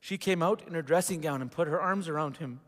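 Male pastor, slightly high voice, reads a story from the pulpit, church-hall echo. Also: fast, a bit bright. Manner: reads aloud with asides to the congregation. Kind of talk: sermon, reading a story aloud. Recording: long reverb of a large hall.

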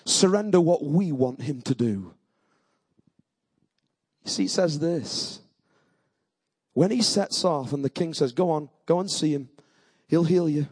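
A male preacher delivering an impassioned sermon, repeating phrases and asking the congregation questions, with a husky voice. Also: high voice, no room sound.

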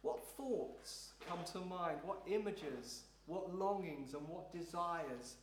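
A man leading a congregation through a slow, prayerful devotional teaching in a church room, with repetitive phrasing. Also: sits high, expressive. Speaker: pastor leading a service. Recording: roomy echo, faint noise.

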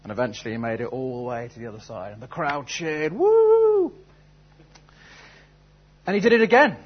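A man's voice: mid-range voice, expressive, rapid-fire, slightly rough, muffled recording. A man preaching a sermon, telling a story and then asking earnest, searching questions. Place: church service.

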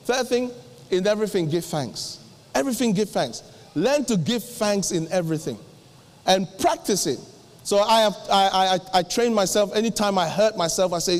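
A middle-aged male pastor preaching, acting out little dialogues with sudden jumps in pitch. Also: moderate pace, gravelly. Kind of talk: sermon. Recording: long hall reverb.

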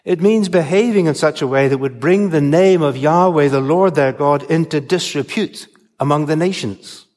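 An older man preaching a sermon to his congregation, explaining scripture in a measured way with emphatic stresses. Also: fairly high pitch, darkish tone, big-room sound.

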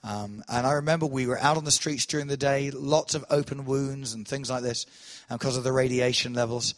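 Man preaching an animated testimony. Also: mid-range voice, a little fast. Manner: animated storytelling, swells loud then drops soft. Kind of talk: sermon testimony.

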